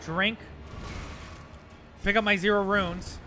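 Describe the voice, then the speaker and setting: With faint music playing behind him, a man streams a game live, joking at his own expense and repeating phrases quietly to himself. He talks slowly in a high, bright, forceful voice with fairly even intonation.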